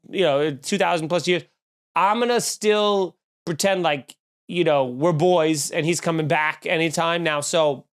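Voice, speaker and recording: Snarky, ranting man with a fairly high voice. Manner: snarky, profane, animated rant. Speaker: podcast host. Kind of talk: comedic ranting.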